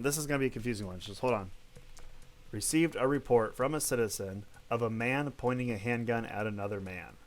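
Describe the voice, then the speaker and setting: A man hosting, reading news stories aloud with blunt, offhand asides and some cursing. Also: mid-range voice. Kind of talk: casual news read-through with commentary.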